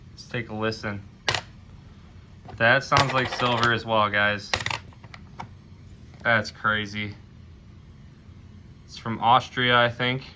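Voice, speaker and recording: Upbeat man with a bright, forceful voice. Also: medium pitch, a little hiss or hum. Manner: excited, upbeat, addresses viewers as guys. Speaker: coin roll hunting vlogger. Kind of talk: casual vlog narration.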